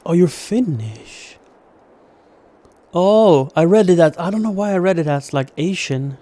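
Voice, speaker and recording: Chatty man with a fairly high voice. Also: a little fast, dark tone. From Sweden. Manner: chatty, rambling, self-mocking. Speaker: streamer. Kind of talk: casual gameplay commentary.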